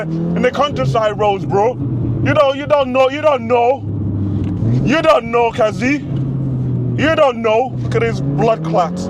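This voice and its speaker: A brash young man, full of street slang, boasts about his driving from inside a car. His voice sits high and is wearing hoarse. The engine and road rumble loudly beneath him. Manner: boastful, loud bursts of hype, street slang. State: losing his voice. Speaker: car vlogger. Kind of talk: excited in-car commentary. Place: inside a car on country roads. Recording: car noise behind the voice.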